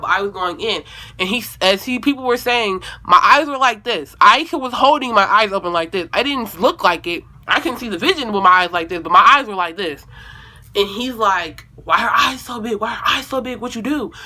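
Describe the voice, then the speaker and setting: A woman's voice: mid-range voice, pushed and bright. A young woman telling a storytime video at home in a casual, rambling way, correcting herself and swearing freely. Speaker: vlogger.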